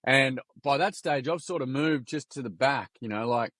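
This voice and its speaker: A young adult man with an Australian accent, a guest on a podcast, telling animated stories in casual slang and acting out quotes. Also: mid-range voice, normal speed, dry recording. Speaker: podcast guest, workshop founder. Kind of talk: casual storytelling interview.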